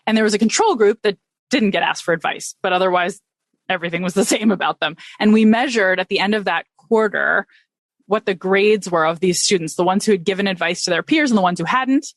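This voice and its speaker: Middle-aged female academic guest; rapid, enthusiastic, self-correcting delivery, dry mic. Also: medium pitch, dry recording. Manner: quick, enthusiastic explaining with restarts. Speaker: guest researcher. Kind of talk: podcast interview.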